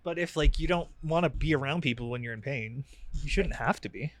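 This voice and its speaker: A man's voice: a little high, brisk, no room sound. A man co-hosting a podcast in casual chat, sardonic and self-deprecating, swearing freely. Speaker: podcast co-host.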